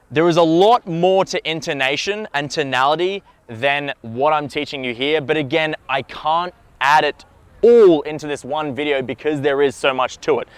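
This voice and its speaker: A man giving a direct, emphatic lesson as a dating coach, often checking in with a quick "okay?" and swearing now and then. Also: on the high side, a bit bright, clean tone, dry recording. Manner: blunt, occasional swearing. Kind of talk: instructional talk to camera.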